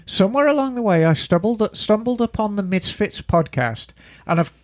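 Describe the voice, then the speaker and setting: A man's voice: high-pitched, expressive, normal speed, no room sound, studio quality. A man co-hosting a podcast, reading a listener's email aloud in a casual, playful way with joking asides. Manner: playful, breaks into mock British asides while reading. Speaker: podcast co-host.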